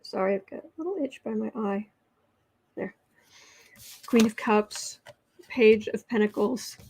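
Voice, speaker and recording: Slow-talking American woman reading tarot. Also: fairly high pitch, a little mellow, husky, no echo. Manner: reads viewer comments aloud, drops to whispers at times. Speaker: tarot reader and livestream host. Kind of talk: casual livestream chat with tarot reading.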